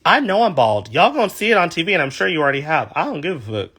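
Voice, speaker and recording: A young man from California talks to viewers on a livestream through his phone. His voice sits a little high and rings bright. His pitch swoops up and down with animated, chatty energy as he reads comments aloud. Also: fast talker, slightly rough. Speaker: drag performer. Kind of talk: casual livestream chat.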